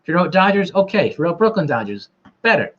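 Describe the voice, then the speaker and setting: A man hosting a trivia night over a livestream, rambling and poking fun at himself between answers. His pitch swings up and down a lot. The audio is dull and lo-fi. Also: very animated, fast talker, a bit bright. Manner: joking, rambling, self-deprecating. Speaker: quiz host. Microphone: camera mic.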